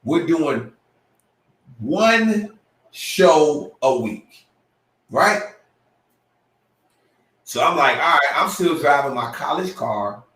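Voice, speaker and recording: A man co-hosting a podcast, telling a story with lively acted-out quotes and sudden jumps in pitch. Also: very slow, long pauses, recorded from a distance. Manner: excitable, acts out quotes with big pitch jumps. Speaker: podcast co-host. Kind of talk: animated storytelling. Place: room at a live podcast show. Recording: roomy, from off the mic.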